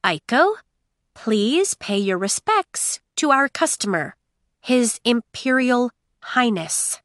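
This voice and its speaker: In an audiobook, a woman voices a young female mechanic who is wry and matter-of-fact yet nervous, pitching her fairly high voice above her own natural range. Her delivery is very animated, heavily acted and slow, with a fairly bright tone, in clean studio sound with no room noise.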